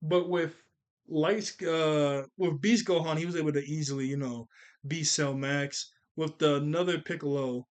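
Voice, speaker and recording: Male host with a slightly high voice doing loose, excitable film commentary, quick to laugh. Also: clear, resonant tone. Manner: excitable, laughs often, stumbles over words. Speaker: channel host reacting to an anime film.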